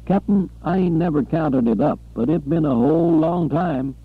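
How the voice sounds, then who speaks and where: A man's voice: breathy edge, narrow, tinny audio. A man doing a nervous, pleading chauffeur. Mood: anxious pleading. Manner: high, anxious, hurried pleading. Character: nervous pleading male chauffeur, eager to please.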